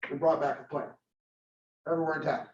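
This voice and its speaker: A man lecturing a marketing class, telling a story and acting out its dialogue in a lively way. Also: fairly high pitch, fast talker. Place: lecture room. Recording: roomy, distant, dull classroom recording.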